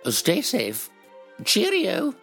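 A performer doing an impression of an elderly grand dame, reading her own fiction slowly and primly. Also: medium pitch, huge pitch swings, creaky, a bit bright, faint music behind, full character voice.

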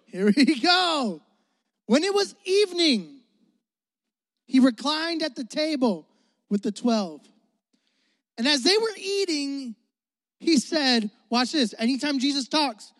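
A youth pastor preaches in a loose, joking way, asking the crowd to call back answers and laughing along. The voice sits at a middling pitch. It rings out with a long reverb through a big hall. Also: big pitch swings, fairly quick. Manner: casual, joking, talks straight to the crowd; calls for responses and laughs often. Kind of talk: energetic sermon.

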